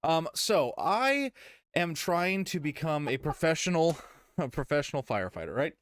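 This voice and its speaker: A young man is venting on a podcast mic, his fairly high voice swinging widely in pitch as he swears and piles on the sarcasm. The sound is dry and close, with no room around it. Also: sing-song, normal speed, dry recording. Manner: ranting, swearing, exasperated, sarcastic. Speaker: podcast co-host. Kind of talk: casual podcast chat. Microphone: desk podcast mic.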